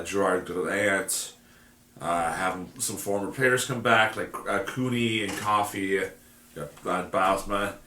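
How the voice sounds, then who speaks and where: A man co-hosting a loose hockey podcast, full of uhs and casual swearing. His voice sits on the low side yet sounds bright and forceful. He is back from the mic in a roomy, echoey space. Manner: loose, hesitant with many uhs, swears freely. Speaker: podcast co-host.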